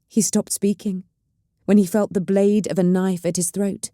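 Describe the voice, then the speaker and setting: A woman telling a science fiction audiobook as calm, measured bedtime story narration. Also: medium pitch, dry recording, clean studio sound.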